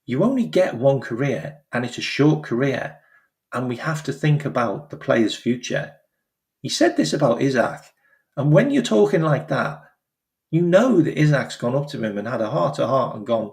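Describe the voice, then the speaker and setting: A man's voice: mid-range voice, measured pace. A man hosting his own channel, talking in a casual, emphatic way and repeating phrases for effect. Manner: animated, emphatic, repeats phrases, acts out quoted voices. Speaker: football channel host. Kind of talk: casual opinion commentary.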